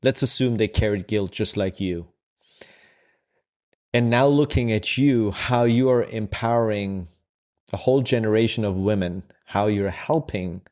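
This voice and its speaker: A man's voice: on the low side, measured pace, darkish tone. A man hosting an interview, asking long, winding questions full of restarts. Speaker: podcast host. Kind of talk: interview conversation.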